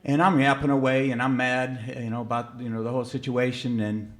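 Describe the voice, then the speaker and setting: A middle-aged man telling a personal story on stage at a museum event, talking conversationally with frequent fillers and pitching his voice up sharply when quoting his own disbelief. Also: little pitch movement, a little fast. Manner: conversational, with many fillers and self-corrections. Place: museum event hall, on stage before an audience.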